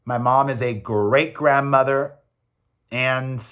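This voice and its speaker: A man's voice: mid-range voice, a little slow, bright, forceful tone. A man in his forties, a single father, rambling in a casual, emphatic confessional vlog.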